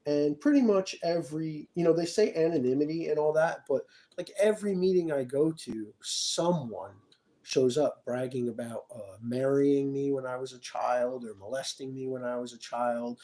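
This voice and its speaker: A man vlogging a rambling personal monologue, talking to the viewer with many asides and often dropping to a quiet mutter. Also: medium pitch, moderate pace, low-quality recording.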